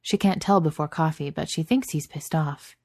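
A woman reading fan fiction aloud in steady, measured narration. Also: sits low, no room sound, studio quality.

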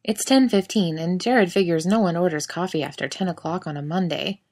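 A woman's voice: lowish voice, brisk, darkish tone. A woman narrating a scripted story in a wry, sardonic manner.

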